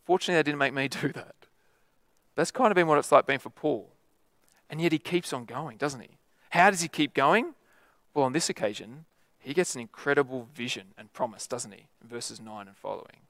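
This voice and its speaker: A man's voice: medium pitch, expressive, fairly quick, a bit bright, dry recording, clean studio sound. A man preaching a sermon in a conversational way, often adding tag questions.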